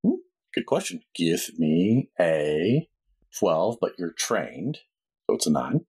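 Husky low-voiced male game master. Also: very animated, slow pace, a little mellow. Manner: easygoing, laughs often, casual narration with fillers. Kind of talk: narrating a tabletop game.

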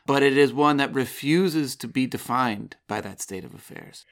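Smooth-voiced reflective man on poetry. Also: mid-range voice, a bit bright. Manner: measured, reflective, explanatory. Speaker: writing teacher and poetry podcast co-host. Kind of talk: close-reading conversation about a poem.

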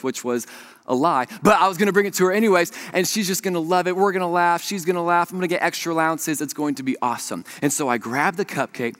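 A young male preacher tells a story to his congregation. His voice sits a bit high for a man. He swings between hushed asides and loud, lively punchlines. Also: brisk. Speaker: pastor. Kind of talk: sermon.

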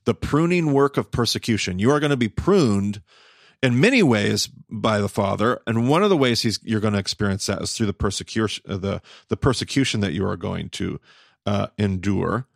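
Gravelly-voiced man musing aloud. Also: fairly low pitch, moderate pace, no echo, clean studio sound. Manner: thinking aloud, searching, with restarts. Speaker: podcast host. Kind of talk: casual Bible study discussion.

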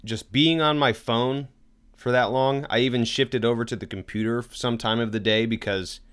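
A man's voice: medium pitch, fairly even intonation, normal speed, a bit bright, clear, resonant tone. A man co-hosting a podcast in casual chat, rambling and self-deprecating. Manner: rambling, self-deprecating, tries joke accents. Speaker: podcast co-host.

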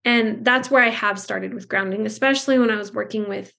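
A woman's voice: medium pitch, fairly quick, gravelly, pushed and bright. A woman, a speech-language pathologist, telling stories in casual conversation, chatty with fillers and restarts, over a video call. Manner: chatty, many fillers and restarts, acts out quotes.

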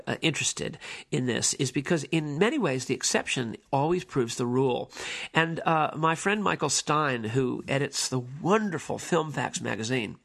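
A man talks through an old movie in a loose, conversational way, wandering into asides and then stressing his points. His voice has a gravelly edge and sits at an ordinary middle pitch. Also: a bit bright. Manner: digressive, conversational, emphatic asides. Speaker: film commentator. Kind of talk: casual spoken commentary.

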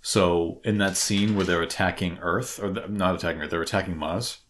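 A man with a Boston accent co-hosting a casual podcast chat, excitable and rambling, often restarting his sentences. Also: deep voice, fairly quick. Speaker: podcast co-host.

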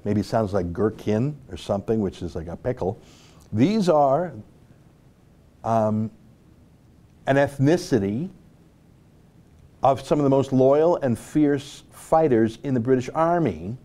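A man from North America hosts an online show with casual commentary. He rambles and turns sarcastic, breaking off for asides. His voice sounds mellow and warm. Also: medium pitch, lively intonation, a little slow, pauses often.

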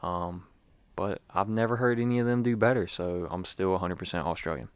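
A man's voice: deep voice, fairly quick, smooth, no echo. A young man giving a rambling, casual recap as a sports fan, with lots of fillers and restarts.

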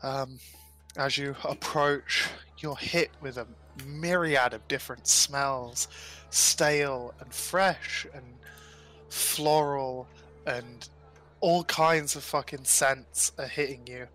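A man's voice: medium pitch, steady tone, slow, bright, forceful tone. A man narrating a tabletop game as game master in a loose, descriptive way, with frequent ums. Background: faint music.

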